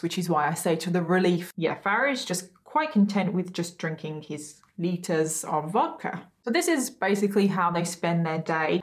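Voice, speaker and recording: A woman hosting a true crime show, telling the case in a casual, chatty way, often breaking off into giggles and asides. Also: on the low side.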